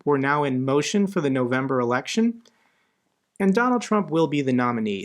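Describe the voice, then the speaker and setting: A man answers viewer questions in a commentary show. His voice sits a little higher than usual, and he drives his points home by repeating phrases. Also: expressive, a little fast. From United States. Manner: emphatic, repeats phrases for stress. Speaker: political commentary host.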